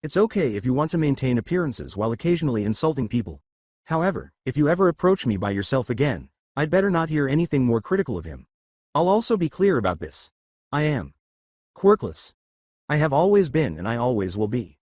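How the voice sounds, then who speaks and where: A man reading the part of a weary, coolly menacing teenage boy who keeps his tone level and impartial. The voice sits at a middle pitch and moves with lively swings, recorded dry and close. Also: fast, no echo.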